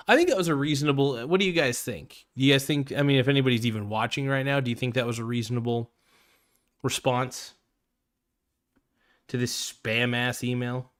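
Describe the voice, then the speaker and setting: A male podcast host rants casually in a blunt, profane way, often cutting himself off mid-sentence. His voice is mid-range and fairly quick.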